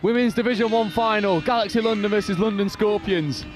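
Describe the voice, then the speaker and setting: A man giving live play-by-play commentary on a sports match, calling the action quickly and with energy. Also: high voice.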